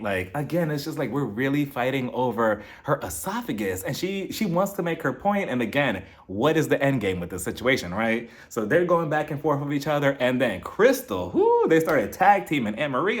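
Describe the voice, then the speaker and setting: A man casually recapping a reality TV episode, animated and gossipy, laughing often as he retells the drama. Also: mid-range voice, normal speed, few pauses.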